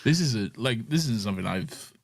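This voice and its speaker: Casting: male podcast co-host, giggly, animated pitch, loose chatty delivery. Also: brisk. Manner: giggly, puts on silly voices, trails off. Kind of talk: casual chat.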